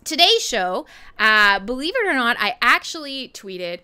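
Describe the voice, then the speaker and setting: A woman's voice: a little high, sing-song, measured pace, pushed and bright, clean tone. A woman from Canada hosting a casual internet radio livestream, chatting in a rambling way and laughing often. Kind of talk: casual livestream chat, reading chat questions.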